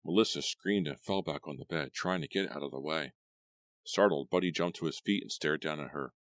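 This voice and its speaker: A man narrating an audiobook story with expressive storytelling. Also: rumbling low, brisk, no room sound, clean studio sound. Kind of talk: scripted narration.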